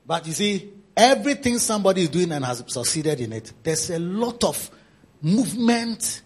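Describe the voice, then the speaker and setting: A pastor preaching a sermon in a teasing, repetitive style. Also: male voice, sits high, very animated, moderate pace, husky.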